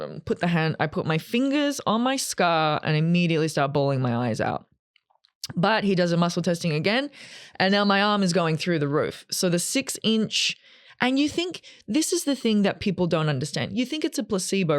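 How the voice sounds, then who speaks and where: A woman in her thirties telling a personal story to camera in a chatty, animated way, acting out what people said. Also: lowish voice, clean tone, no room sound, studio quality. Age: 30s. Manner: chatty and animated, acts out quotes. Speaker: vlogger.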